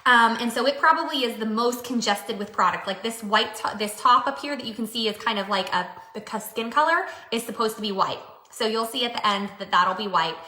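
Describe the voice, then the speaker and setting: A chatty woman with a bright, forceful voice pitched a little high. She talks casually with lots of fillers as she demonstrates beauty products. Her voice rings in a roomy, echoey space. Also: expressive, a little fast, few pauses. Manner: chatty, filler-heavy, upbeat. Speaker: beauty vlogger. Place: home room by mirror.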